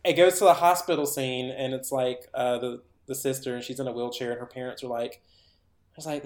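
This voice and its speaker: A man co-hosting a podcast, giving an animated, rambling retelling full of filler words in casual chat. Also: medium pitch, brisk. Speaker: podcast co-host. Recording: roomy echo.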